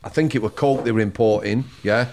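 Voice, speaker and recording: A former prison officer talking in a measured way and repeating words as he searches for them. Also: on the low side, darkish tone. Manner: measured, repeats himself while finding words. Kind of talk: conversational discussion.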